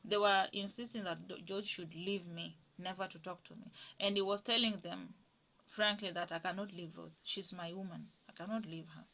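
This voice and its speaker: Woman, casual personal storytelling, chatty, high-pitched when quoting others. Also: steady tone, moderate pace, vocal fry, pushed and bright. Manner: acts out others' lines in a raised pitch.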